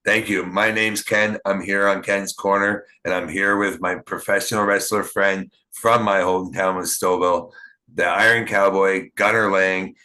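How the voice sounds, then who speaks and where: A man from Canada hosting a podcast, talking in a casual, rambling way with many fillers and halting restarts. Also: deep voice, level tone, sharp tone. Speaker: podcast host. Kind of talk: casual interview chat. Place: small town.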